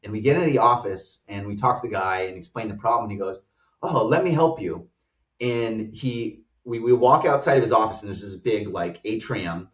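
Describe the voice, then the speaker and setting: Here a startup co-founder from America recounts a travel tale as a guest, meandering and leaning heavily on "like" as filler. He speaks in a lowish, slightly bright voice at a brisk clip with barely any pauses, captured in distant, roomy, muffled-sounding audio.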